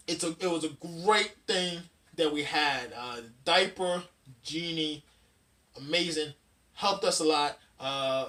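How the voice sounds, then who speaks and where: Chatty dad vlogger, a little off-mic. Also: male voice, a little high, sharp tone. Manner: rambling, chatty, with frequent fillers and loose restarts. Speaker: dad vlogger hosting his channel. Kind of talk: casual advice vlog counting down a list. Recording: voice somewhat distant from the mic.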